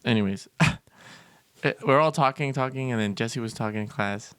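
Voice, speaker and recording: A young man co-hosting a casual podcast chat, swapping stories with a friend. He laughs a lot and dips into put-on voices for other people. His mid-pitched voice is recorded close and dry. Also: normal speed, a bit bright, smooth, dry recording. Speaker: podcast co-host.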